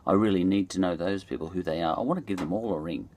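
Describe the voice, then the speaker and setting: A middle-aged Australian podcast host with a low, darkish voice speaks fast in a rambling, reflective monologue. He muses loosely and digresses, with plenty of fillers and restarts.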